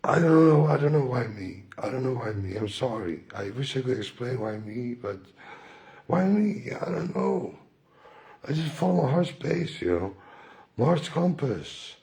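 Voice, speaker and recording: Facing the camera, a man delivers a rambling spiritual monologue, repeating himself and questioning himself out loud. His mid-range voice swings widely in pitch, unhurried, creaky, and somewhat dark in tone.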